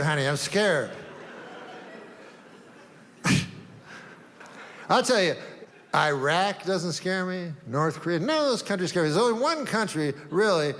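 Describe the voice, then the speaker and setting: A man performing a stand-up routine, talking in a deadpan, rambling way with long setups. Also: a little high, a little hiss or hum. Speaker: stand-up comedian. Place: comedy stage. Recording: live stage recording in a reverberant hall, faint ambience.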